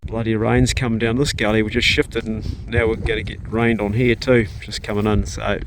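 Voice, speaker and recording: A man's voice: lowish voice, flat delivery, normal speed, background noise. A man giving casual, chatty vlog commentary outdoors and in a truck, talking to his dogs as he goes. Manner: laid-back, chatty, talks to his dogs. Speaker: vlogger.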